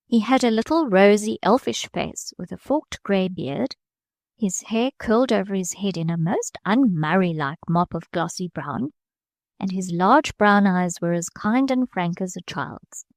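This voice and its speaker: A woman narrating a classic novel as an audiobook, reading in a measured way and lifting her voice slightly for the characters' lines. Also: lively intonation, no echo, studio quality. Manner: measured reading, small lifts of pitch for quoted characters.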